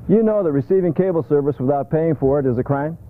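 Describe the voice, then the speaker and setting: A man's voice: fairly high pitch, fast talker. A man reading a scripted public service announcement in a formal, earnest way. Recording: tinny lo-fi videotape audio.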